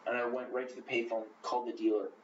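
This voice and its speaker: A man talking bluntly and profanely about his past, rambling with fillers as he goes. His voice is medium-pitched and comes from a distance in an echoey room. The recording is muffled and rough, with a faint hiss. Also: flat delivery, fast. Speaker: interview guest. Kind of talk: candid personal storytelling.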